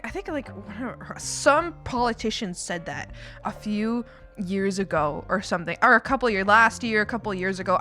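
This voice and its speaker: With a mid-range voice that sounds pushed and bright, a young woman from Canada chats casually on a live stream. She rambles, laughs a lot and swears without restraint over faint background music.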